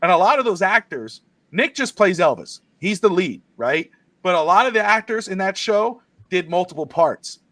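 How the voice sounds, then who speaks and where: Man, high voice, rapid excitable storytelling, dry close sound. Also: no echo. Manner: fast, excitable storytelling with quick asides and laughs. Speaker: podcast co-host. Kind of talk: casual sports podcast chat.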